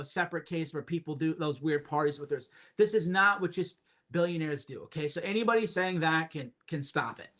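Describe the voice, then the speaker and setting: A man's voice: high voice, bright, forceful tone. A man as a podcast guest, talking emphatically in casual chat, repeating points with sardonic asides.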